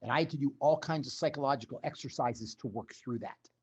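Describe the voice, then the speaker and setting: A man's voice: medium pitch, fast talker, husky. A man telling his story as a podcast guest, in a blunt, emphatic conversational way.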